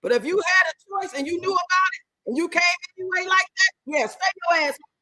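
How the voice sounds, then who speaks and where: A woman hosting a casual livestream in African American Vernacular English, loud and animated, cursing freely. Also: very high voice, fast talker, dry recording, poor audio. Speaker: livestream host.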